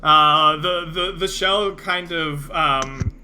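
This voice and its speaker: A man narrating as game master for a tabletop game, unhurried and hesitant with fillers. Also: fairly high pitch, sharp tone.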